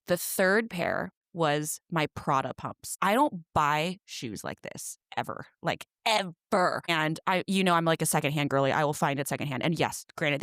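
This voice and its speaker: A woman's voice: sits low, fairly bright tone, no room sound. Woman, podcast co-host, chatty storyteller, dry close sound. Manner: chatty, dramatic storytelling with acted-out quotes. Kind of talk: casual chat.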